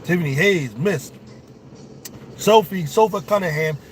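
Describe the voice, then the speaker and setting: A young man, his voice pitched a little high, calls a basketball game live for his viewers. He is excitable and swears freely. A faint hiss sits under the voice. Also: measured pace. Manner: excitable, profane, talks straight to viewers. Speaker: sports show host. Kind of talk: casual live watch-along commentary.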